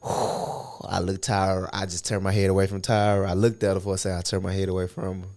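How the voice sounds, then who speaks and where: A young man co-hosting a podcast in casual chat, telling profane, animated stories from his own life. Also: low voice, a little fast. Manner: animated, profane storytelling with acted quotes. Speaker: podcast co-host.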